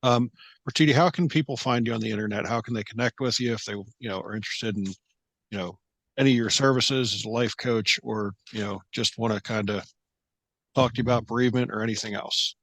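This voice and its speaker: A man's voice: mid-range voice, a little fast, fairly bright tone, dry recording, poor audio. A man hosting a podcast interview, friendly, with many fillers. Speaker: podcast host.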